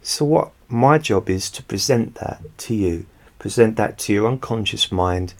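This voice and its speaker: Soft-spoken, very low-voiced man. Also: lively intonation. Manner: soft, unhurried, rambling. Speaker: hypnotist. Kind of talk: soft-spoken talk to listeners. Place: home, quiet room. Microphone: studio microphone.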